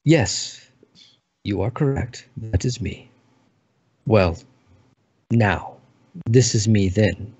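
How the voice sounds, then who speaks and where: A man voicing an ancient, solemn male elf who guards a great tree, speaking gravely in a tabletop game. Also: on the low side, very slow, long pauses, darkish tone, no room sound, heavily acted. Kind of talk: tabletop role-play voicing. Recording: muffled lo-fi recording.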